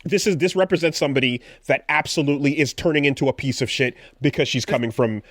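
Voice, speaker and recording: A man's voice: a little high, quick pace, dry recording, studio quality. A man co-hosting a podcast, chatting casually and chiming in with short agreements and wry asides. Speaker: podcast co-host. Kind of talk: casual chat.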